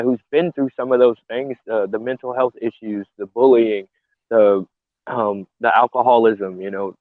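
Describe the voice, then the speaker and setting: A man's voice: medium pitch, no echo. A man who fights and coaches, speaking earnestly and a little emotionally, often restarting his sentences. He comes through a tinny, phone-like video call line with a dry sound. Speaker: bare-knuckle fighter and coach. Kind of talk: casual interview.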